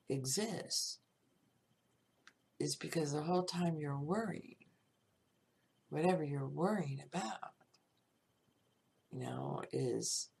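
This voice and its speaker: Slow gravelly-voiced woman podcast host. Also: deep voice, darkish tone. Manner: slow, gravelly, plain-spoken. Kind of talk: reflective monologue.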